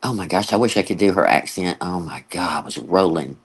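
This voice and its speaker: A man's voice: low-pitched, animated, brisk, slightly rough. A man hosting a late-night livestream, chatty and laughing often as he mimics others. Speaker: livestream host. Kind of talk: casual chat.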